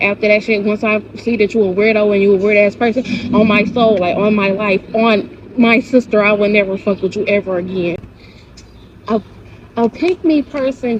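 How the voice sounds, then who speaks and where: A woman's voice: mid-range voice, a little hiss or hum. A young woman, casually telling stories and venting bluntly with heavy profanity on her vlog. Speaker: vlogger. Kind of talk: casual storytelling monologue. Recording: slightly dull lo-fi recording with faint ambience.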